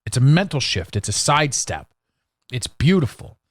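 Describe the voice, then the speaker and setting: A man hosts his own podcast alone, speaking bluntly with a sarcastic edge and stumbling restarts. His pitch swings widely as he gets worked up. The recording is dry and close, with no room sound. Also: big pitch swings, moderate pace, no room sound. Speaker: podcast host. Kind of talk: solo podcast monologue.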